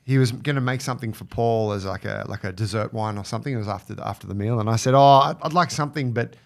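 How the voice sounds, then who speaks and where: A man co-hosting a podcast who tells a relaxed anecdote in casual chat. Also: lowish voice, very fast, creaky. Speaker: podcast co-host.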